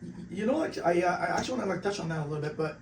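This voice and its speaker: High, gravelly-voiced male podcast host. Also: lively intonation, roomy sound, far from the mic, a little hiss or hum, poor audio. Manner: quick interjections, casual and slangy with swearing. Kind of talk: casual podcast chat.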